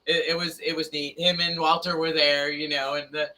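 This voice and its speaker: Enthusiastic host, sharp bright voice. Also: male voice, fairly high pitch, flat delivery, moderate pace. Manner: enthusiastic, acts out quoted people. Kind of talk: casual chat. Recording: somewhat distant from the mic.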